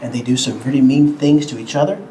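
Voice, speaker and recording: A man teaching a Bible lesson to children at home, talking slowly and simply, a bit cartoonish, and asking the kids questions. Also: mid-range voice, steady tone, warm tone, slight background noise, rough recording.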